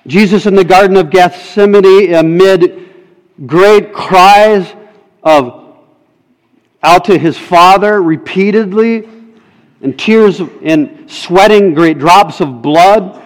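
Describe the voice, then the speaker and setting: A man delivers a sermon at an unhurried, deliberate pace, his voice sitting slightly high. He presses his points emphatically and questions his listeners directly. The sound carries a long hall reverb, as if captured in a church sanctuary. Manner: emphatic, rhetorical questions to the congregation. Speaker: pastor.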